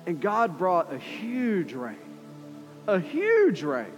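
A man delivers an impassioned sermon in a church, his fairly high voice ringing through a large reverberant hall. He builds with repetition, and soft music plays faintly underneath. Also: wildly swooping pitch, slow pace. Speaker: preacher. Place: church sanctuary.

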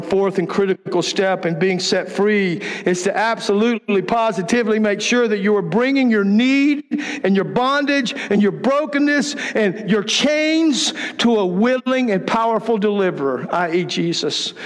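High-voiced preacher in a reverberant hall. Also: male voice, moderate pace. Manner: emphatic, impassioned preaching. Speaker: pastor. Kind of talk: sermon.

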